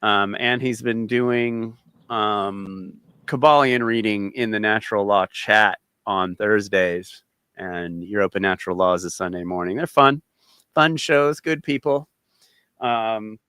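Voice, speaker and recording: Brief: male show host, loose casual chat, bright voice. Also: fairly low pitch, fairly even intonation, unhurried, clear, resonant tone, no echo, studio quality. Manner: loose, laughing, hesitant with fillers.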